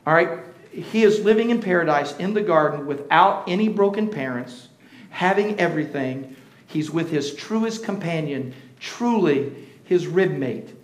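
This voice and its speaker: A high-pitched male pastor delivers a sermon in a roomy, echoing church. He swings from quiet, hushed asides to loud, shouted declarations. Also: expressive, unhurried.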